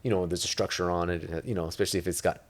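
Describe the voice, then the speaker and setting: A man's voice: low-pitched, steady tone, racing. A man from Italy, an interview guest talking about real estate in a loose, rambling way, full of filler words. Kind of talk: casual interview talk.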